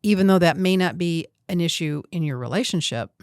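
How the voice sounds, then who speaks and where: Low-voiced woman coaching bluntly. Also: animated, fairly quick, no room sound, studio quality. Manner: direct, teasing, emphatic. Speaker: host and coach. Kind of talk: coaching conversation.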